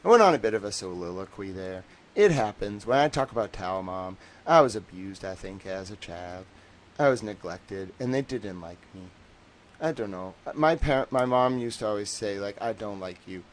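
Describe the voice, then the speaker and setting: On a livestream with poor audio, a young man speaks at a normal speed in an expressive, lowish voice. He rambles and jokes casually, leaning on lots of fillers and slipping into acted-out voices.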